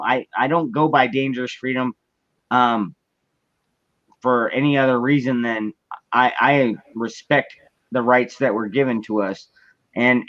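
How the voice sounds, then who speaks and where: A man's voice: medium pitch, no room sound. Earnest male podcast host, lo-fi sound. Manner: earnest, emphatic, repeats words. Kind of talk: casual podcast chat. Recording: dull lo-fi audio.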